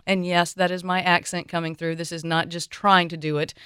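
A woman hosts a radio wine show in a chatty, opinionated way. Her voice is smooth and clear. The sound is dry and close. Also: fairly low pitch, little pitch movement, fairly quick, few pauses, bright, forceful tone, no room sound. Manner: chatty, opinionated, enthusiastic recommending.

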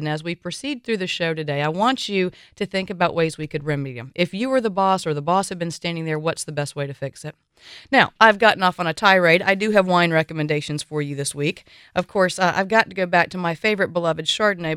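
A woman hosts a radio wine show in a chatty, opinionated way. Her voice is smooth and clear. The sound is dry and close. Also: on the low side, fairly bright tone, no echo. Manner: chatty, opinionated, enthusiastic recommending.

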